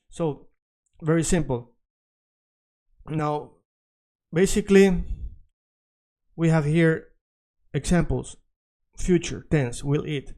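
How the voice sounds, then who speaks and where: Patient man teaching, dark voice. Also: a little high. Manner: explains patiently, repeats words, checks in with "all right?". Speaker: Spanish teacher. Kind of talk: video language lesson.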